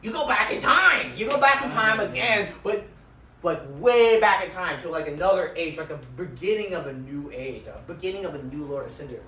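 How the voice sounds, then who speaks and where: A young man giving an informal lecture in a hall, excited and swearing a lot, tagging his sentences with "right?", recorded on a phone from far off. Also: sits high, a little fast. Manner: excited, swears constantly, tags lines with "right?". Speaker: student presenter. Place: lecture room, indoors. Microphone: phone from afar. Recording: roomy phone recording from far off, faint music.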